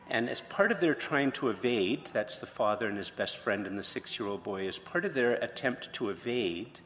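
Casting: male pastor, low voice, storytelling sermon, long hall reverb, faint room noise. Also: a bit bright. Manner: retells a story, then poses questions.

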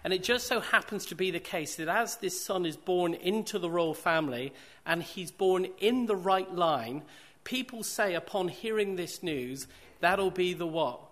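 A man's voice: sits high, animated, normal speed, fairly bright tone. A man preaching a sermon, repeating phrases for emphasis and posing rhetorical questions to the congregation.

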